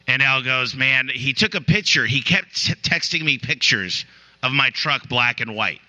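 A man's voice: medium pitch, animated, normal speed, pushed and bright, rough recording. A man giving a motivational talk to a room, telling stories and often restarting his sentences. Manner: storytelling with repeated restarts. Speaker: business owner giving a talk. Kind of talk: motivational speech. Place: room with an audience.

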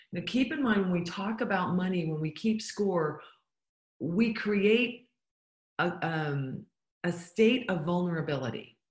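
A woman with a slightly low voice coaches business owners in a motivational talk. She speaks with emphasis and keeps putting rhetorical questions to her listeners. The recording has a noticeably echoey room sound.

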